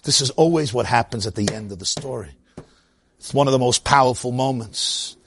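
A man's voice: medium pitch, fairly quick, a little hiss or hum. A man giving a sermon as a religious teacher. He speaks with passion and emphasis, repeats phrases for effect, and sprinkles in Yiddish words. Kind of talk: weekly sermon to a congregation.

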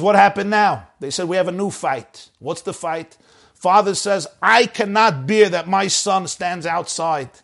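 Animated high-voiced man telling a sermon story. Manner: animated, acts out shouting voices.

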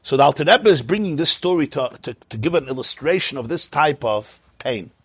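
This Torah teacher's voice is somewhat high and husky, and his pitch swings widely as he animatedly and briskly tells a story in a Talmud class. He breaks into laughing asides and blends Hebrew and Yiddish terms into his English, recorded dry, close and without echo.

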